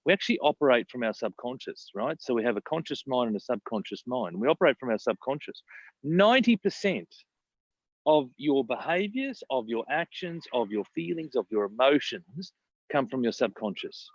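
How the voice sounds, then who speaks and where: A man's voice: mid-range voice, animated, moderate pace, no echo, lo-fi sound. A man coaching in casual talk, repeating phrases and asking himself questions. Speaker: mindset coach.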